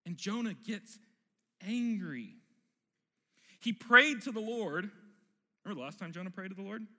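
A male pastor preaches with animated, emphatic storytelling in a high, very bright voice. His words carry a long reverb from a church hall. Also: normal speed. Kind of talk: sermon.

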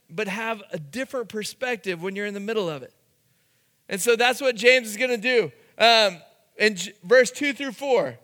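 A man's voice: very high voice, bright, forceful tone, big-room sound. A man preaching a youth sermon, telling a funny school story and acting out the quotes. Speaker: youth pastor.

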